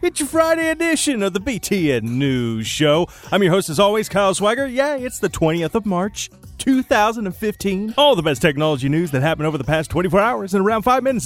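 A man hosts a tech news show in a playful, teasing tone. His pitch sits a bit high and leaps around constantly as he jokes and slips into mock voices. A light music bed plays quietly beneath him. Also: big pitch swings, brisk. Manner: jokey, teasing, swings between mock voices and plain reading.

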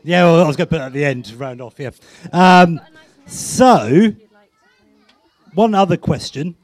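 A man hosting a live tech meetup game, excitable and laughing, with quick countdowns. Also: fairly high pitch, no echo. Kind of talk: lively game-show style hosting.

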